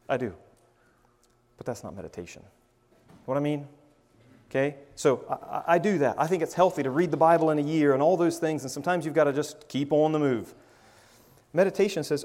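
A man's voice: fairly high pitch, lively intonation, brisk. Man preaching in an echoing hall. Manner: informal, stammering restarts, big swings from loud to quiet. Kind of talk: conversational sermon.

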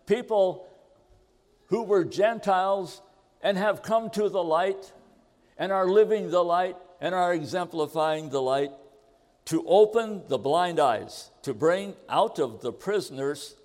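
An older man preaching a sermon, telling a personal story with earnest, deliberate delivery and slowing down to read scripture. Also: a little high, darkish tone. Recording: long hall reverb.

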